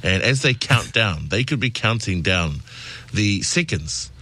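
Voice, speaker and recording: A man's voice: on the low side, expressive, unhurried, bright, forceful tone, dry recording. A man co-hosting a morning radio show, chatting casually in a slangy, rambling way. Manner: laid-back slangy rambling, says "bro" and "buzzy". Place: radio studio.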